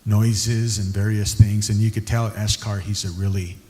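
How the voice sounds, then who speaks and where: Mellow low-voiced man, echoey hall. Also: level tone, moderate pace. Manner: chatty, says he can get loud. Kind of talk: casual interview conversation.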